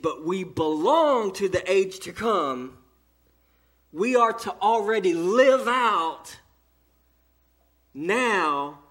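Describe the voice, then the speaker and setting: A man with a Southern American accent preaching a sermon in church, with emphatic pauses. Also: high-pitched, fairly bright tone. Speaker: pastor. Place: church during an evening service.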